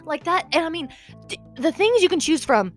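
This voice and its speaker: Chatty young woman with a lively voice. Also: very high-pitched, a little fast, faint music behind. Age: young adult. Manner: animated, rambling, lots of "okay?" and "like". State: slightly out of breath. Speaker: vlogger. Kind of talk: casual chatty vlog.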